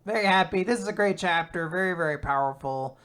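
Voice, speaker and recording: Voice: medium pitch, a little fast, fairly bright tone. Enthusiastic podcast co-host with casual swearing. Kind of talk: casual chat reacting to a manga chapter.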